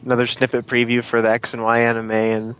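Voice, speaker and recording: A man's voice: mid-range voice, completely flat delivery, fast, a bit bright, clear, resonant tone. A man co-hosting a casual podcast about cartoons, rambling and apologizing for his own tangents. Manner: rambling, self-deprecating, apologetic. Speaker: podcast co-host.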